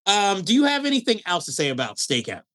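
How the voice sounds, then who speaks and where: A man with a high, very lively voice and a bright, sharp edge talks through a film in a relaxed podcast chat. He is animated, laughs often and keeps breaking off to restart his sentences. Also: fast. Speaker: podcast co-host. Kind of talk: casual film review chat.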